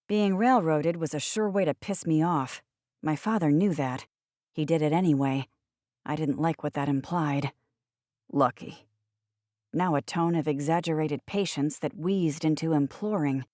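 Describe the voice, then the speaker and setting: Woman reading first-person audiobook, wry and sardonic, lower voice, dry close mic. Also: moderate pace, darkish tone, dry recording. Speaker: audiobook narrator.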